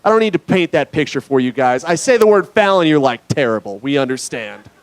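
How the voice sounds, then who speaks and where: On a club stage, a young man from Nevada performs a stand-up set, mostly deadpan but breaking into sudden loud bursts. His voice sits a little high, he talks fast, and there's no room sound.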